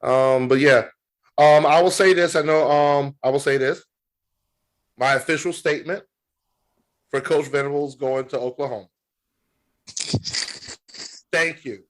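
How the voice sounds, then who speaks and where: A man co-hosting a sports podcast, talking casually as an animated, emphatic storyteller. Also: fairly high pitch, unhurried, long pauses. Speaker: podcast co-host.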